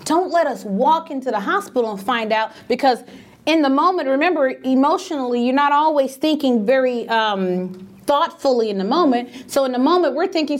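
Middle-aged woman, lively storyteller who acts out quoted voices, swooping pitch. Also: normal speed. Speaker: speaker on grief and end-of-life care. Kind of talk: animated storytelling talk.

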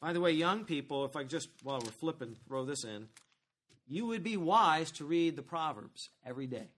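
Guy pastor preaching, kinda high voice, chatty and lively, keeps asking the crowd stuff. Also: moderate pace. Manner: conversational, animated preaching with questions to the congregation. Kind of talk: sermon.

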